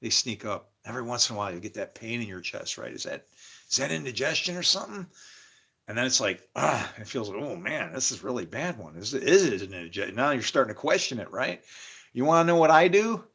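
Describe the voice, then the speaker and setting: An older man hosting a casual livestream, rambling, emotional and laughing often, swinging between loud and quiet. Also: mid-range voice, sing-song, quick pace, creaky, slightly rough. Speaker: livestream host.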